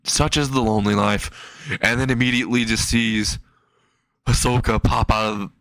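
Man, casual storyteller, rambling, chuckling, mid-pitched voice, dry close recording. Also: steady tone, normal speed, fairly bright tone, no echo. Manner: rambling, laughs at own jokes, many restarts. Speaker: narrator. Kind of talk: casual fan-fiction storytelling with quick character voices.

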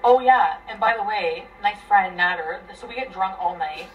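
Upset woman ranting n swearing, goes loud then real quiet, sounds kinda distant. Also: mid-range voice, normal speed, highs cut off, slight background noise. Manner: profane, rambling, agitated, swings loud and soft. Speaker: guest telling her story. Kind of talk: emotional venting.

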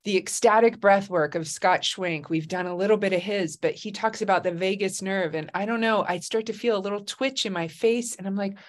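A woman's voice: medium pitch, a little fast, few pauses. A middle-aged woman hosting a casual video-call chat from Hawaii, effusive and emotional, often laughing. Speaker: host. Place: home in Hawaii.

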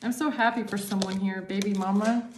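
A woman giving a tarot reading to her viewers, excitable and repeating herself, her voice jumping up high when thrilled. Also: fairly quick, reverberant, music in the background. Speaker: tarot reader.

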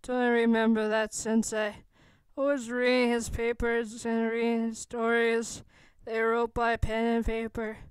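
A woman reading a fan story aloud in a halting way, with restarts and self-corrections. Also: fairly high pitch, monotone, clear, resonant tone, no room sound.

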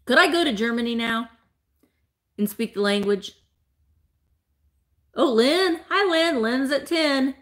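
A woman's voice: high-pitched, lively intonation, slow, pauses often, a bit bright. A woman hosting a live online sale, chatting playfully with viewers by name and laughing often. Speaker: live-sale host selling vintage items. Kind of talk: casual live-stream auction chat.

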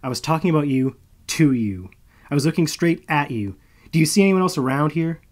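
A man voicing a foul-mouthed, hot-tempered young female vampire who snaps and curses loudly. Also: mid-range voice, moderate pace, close to an everyday voice. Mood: furious. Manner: snappy, cursing, loud outbursts.

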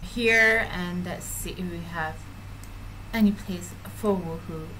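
Woman, gameplay commentary, unhurried, lowish voice, chatty and giggly, faint background hiss. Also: fairly even intonation, a little mellow. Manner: chatty, giggly, addresses viewers directly. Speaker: gaming YouTuber.

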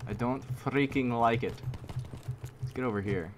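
A man giving live commentary over his own gameplay, excitable, repeating himself and using mild minced oaths. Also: medium pitch, moderate pace, noisy background. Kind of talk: live video game commentary. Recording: loud game gunfire under voice. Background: gunfire and shooting game sounds.

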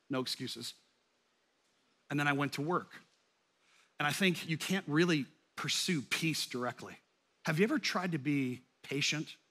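Bright, animated male pastor preaching. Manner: animated, swells loud and high for emphasis. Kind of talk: sermon.

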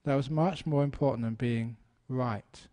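A Buddhist monk with a mid-range, dark-toned voice gives a humorous dharma talk at a measured pace. He tells a story playfully, even imitating animal sounds along the way.

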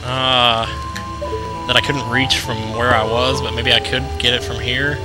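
A young man casually commentating a video game, excitable and jokey, thinking aloud as he plays. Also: mid-range voice, unhurried, rough recording. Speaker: let's play commentator. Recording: game music playing behind voice.

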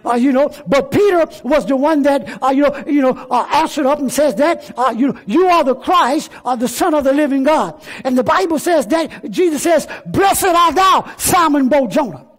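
A pastor delivers a sermon in a church. His voice sits very high for a man, and he often rises to a shout for emphasis. He fills his speech with repeated phrases and hesitations. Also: normal speed, few pauses. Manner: preaching with frequent fillers and repeated phrases.

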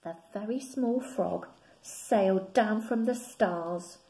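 A woman teacher reading a children's picture book aloud in an expressive way. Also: mid-range voice. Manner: slow and expressive.

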